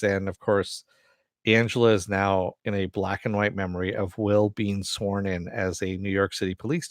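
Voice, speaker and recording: Man, casual TV recap, lower voice, rambling with lots of fillers and restarts, dry close sound. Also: no room sound. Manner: casual, swears freely. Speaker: TV episode reviewer.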